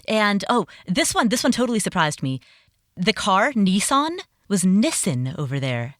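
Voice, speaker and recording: A woman hosting a podcast in a casual chat, playful and quick to laugh. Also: mid-range voice, very animated, fairly bright tone, dry recording, studio quality. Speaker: podcast host.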